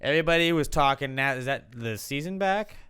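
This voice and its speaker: A man's voice: mid-range voice, animated, fairly quick, bright, forceful tone, smooth. A man co-hosting a podcast in casual banter, joking around and now and then slipping into a put-on Cajun drawl. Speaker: podcast co-host.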